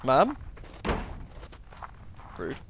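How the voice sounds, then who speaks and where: A young man giving casual, jokey commentary while playing a game, often muttering asides. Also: drawn-out words. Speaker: let's play gamer.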